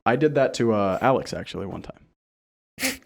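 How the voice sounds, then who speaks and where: Animated, laughing young male podcast co-host. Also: fairly low pitch, normal speed, vocal fry, a little hiss or hum. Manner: animated storyteller who laughs through his stories. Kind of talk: casual chat.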